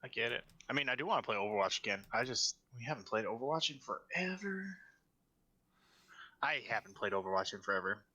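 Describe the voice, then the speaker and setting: A man's voice: medium pitch, lively intonation, a little fast, bright, forceful tone, breathy edge. A man in his twenties co-hosting a casual podcast, cracking dry jokes and searching for words when he explains. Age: 20s. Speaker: podcast co-host. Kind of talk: casual chat.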